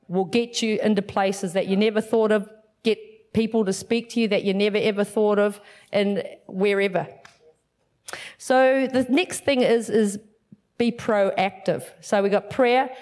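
Animated woman pastor preaching. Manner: animated, acts out dialogue with big swings in pitch. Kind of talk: storytelling sermon.

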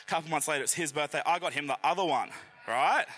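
A man's voice: fairly high pitch, quick pace, fairly bright tone. A young man giving a casual, joking talk at church and speaking straight to the congregation. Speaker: youth and worship team volunteer speaking at church. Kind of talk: sermon.

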